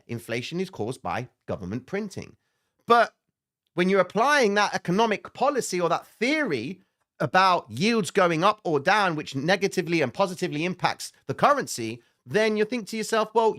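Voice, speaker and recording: Greek guy doing a live markets stream, gets all fired up and loud about it, fast and a bit rambly. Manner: animated, excitable, rises high when exasperated. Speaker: livestream market analyst host. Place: indoor studio under bright lights.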